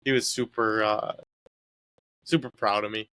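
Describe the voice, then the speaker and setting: With a low-leaning, steady, sharp voice at a measured pace, a young man, a college soccer player appearing as a guest, talks casually about his years in sports. The recording is dry, and his answers ramble with plenty of fillers.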